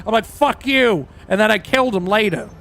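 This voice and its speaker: A man playing a crude, high-voiced rock star. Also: big pitch swings, brisk, a bit bright, full character voice. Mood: rambling. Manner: rambling, profane storytelling. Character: crude, boastful aging male rock singer. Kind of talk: role-play livestream.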